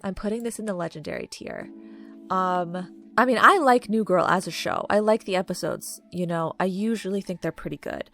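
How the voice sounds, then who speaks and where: A woman chatting casually to camera while ranking movies, gushing and filling pauses with "um" and "like". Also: on the low side, vocal fry, fairly bright tone. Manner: chatty, gushing, many fillers. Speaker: video creator ranking movies. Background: faint background music.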